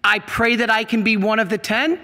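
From the pulpit, a middle-aged priest delivers a sermon in an unusually high, bright, forceful voice, pressing his points hard and firing questions at the congregation. His intonation is fairly even and his pace brisk, and his words ring on in the church's long reverb.

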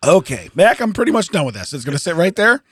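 A hoarse man co-hosting a podcast, telling a story in casual chat, laughing often and acting out the people he quotes. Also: high-pitched, very animated, quick pace, no echo, studio quality. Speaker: podcast co-host. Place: podcast studio.

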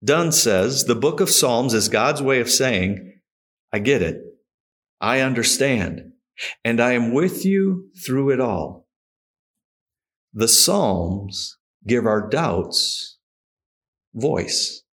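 A man's voice: medium pitch, very animated, takes it slowly, pauses often, a bit bright. A man preaching a sermon, reading scripture aloud and stressing words with feeling. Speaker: pastor.

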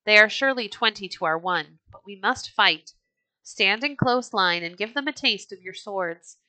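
A woman's voice: medium pitch, animated, normal speed, bright, forceful tone, no room sound, rough recording. A woman reading a children's storybook aloud, voicing a stern, brave Viking chief with a firm, earnest delivery. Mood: resolute.

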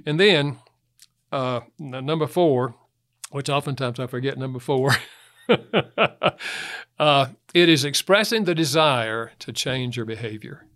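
A man's voice: mid-range voice, slow pace, long pauses, fairly bright tone. A man speaking as a guest author in an interview, telling anecdotes, chuckling and acting out quotes. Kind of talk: conversational interview talk.

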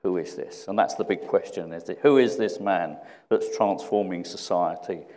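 A man preaching a sermon in a reflective way, often repeating questions and dropping to a hush. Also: deep voice, normal speed, big-room sound.

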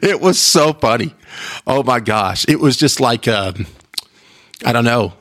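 Telling stories on his own casual solo podcast, this man from Texas rambles chattily and restarts often. His voice is medium in pitch, animated and fairly bright, and he keeps a measured pace.

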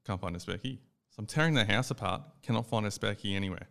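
A young Australian man co-hosting a casual podcast chat. He tells an animated story, acts out the quoted lines, and swears casually. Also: on the low side, fast talker, creaky. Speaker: podcast co-host.

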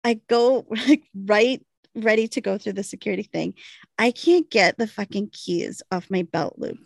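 A woman chatting casually as a co-host, telling a story in an animated way, laughing often and acting out her own panic. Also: medium pitch, moderate pace, creaky, no room sound, clean studio sound. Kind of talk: casual chat.

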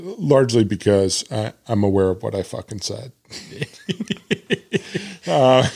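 A man co-hosting a podcast in a cigar shop, chatting casually with a deep voice and frequent laughs. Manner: laughs often, relaxed and self-deprecating. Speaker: podcast host. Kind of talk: casual chat.

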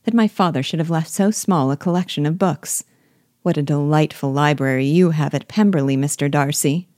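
A woman reading aloud, voicing a snobbish, mocking young lady with scornful, drawn-out emphasis. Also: low voice, dark tone, no echo, clean studio sound, close to an everyday voice. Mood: arch. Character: sneering snobbish young lady, Miss Bingley.

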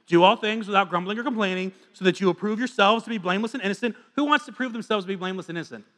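A man preaching to a congregation with a bright, forceful tone and a fairly high voice. He is earnest and confessional, dropping into soft asides and then hammering points home with repetition. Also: racing. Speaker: pastor. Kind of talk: sermon.

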